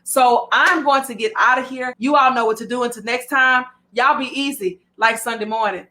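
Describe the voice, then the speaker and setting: A woman with a Southern drawl hosting a broadcast, talking in an animated, repetitive and emphatic way with many fillers. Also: on the high side, moderate pace. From American South. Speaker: host. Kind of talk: motivational broadcast talk.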